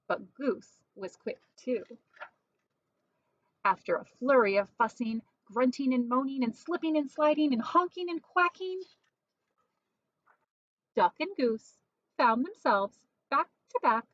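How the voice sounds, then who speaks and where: A woman reading a picture book aloud in a gentle, measured storytelling manner. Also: high-pitched, no room sound, highs cut off.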